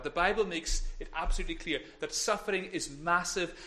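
A man preaching a sermon in an earnest way, building to emphatic peaks and then dropping quiet. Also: sits high, fairly quick, few pauses. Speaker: pastor.

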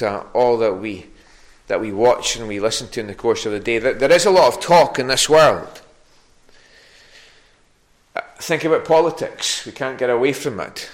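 A man preaching an evening sermon, pausing often with fillers and restarts. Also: on the low side, fairly bright tone. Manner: halting, many fillers and restarts.

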